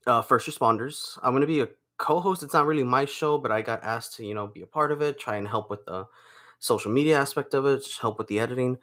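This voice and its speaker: A man's voice: mid-range voice, moderate pace, a bit bright. A young man chatting casually to camera in a home vlog, rambling with restarts while feeling unwell with a sore throat. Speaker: vlogger.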